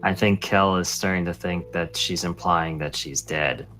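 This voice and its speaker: A man's voice: deep voice, fairly even intonation, normal speed, bright, forceful tone, faint music behind. A man playing a character in a tabletop game, answering with earnest, short replies. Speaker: player.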